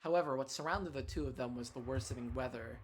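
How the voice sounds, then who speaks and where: A man's voice: mid-range voice, fast, slight background noise. A man streaming himself reading a visual novel aloud, narrating with small slips and self-corrections. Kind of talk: dramatic reading of game text.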